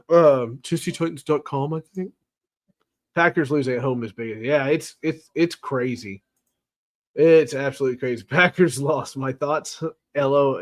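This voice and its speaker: A man hosting a casual live-stream football recap, chatty and wry, teasing his chat with sarcasm. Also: mid-range voice. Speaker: sports show host.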